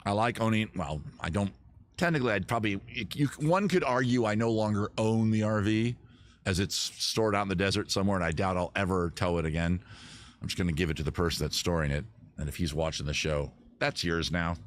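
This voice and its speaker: A man hosting a casual music livestream, reading viewer comments and drifting off on tangents in a rambling, self-deprecating way. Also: lowish voice.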